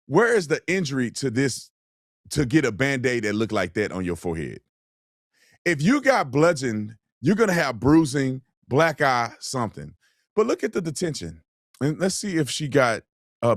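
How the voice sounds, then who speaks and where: A man's voice: medium pitch, big pitch swings, moderate pace, no echo, studio quality. A man hosting a commentary show, talking bluntly and emphatically in a colloquial way. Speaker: host. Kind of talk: political commentary with ad read.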